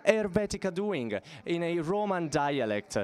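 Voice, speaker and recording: A man interpreting a stage talk into English, halting and using fillers. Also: high voice, very animated, a little mellow. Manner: halting, with frequent fillers and restarts.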